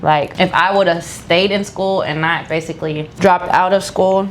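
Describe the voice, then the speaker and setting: A woman's voice: fairly low pitch, fairly even intonation, measured pace, a little hiss or hum. A young woman co-hosting a casual eating video, candidly reflecting on her past with lots of filler words. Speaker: co-host. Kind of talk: casual chat.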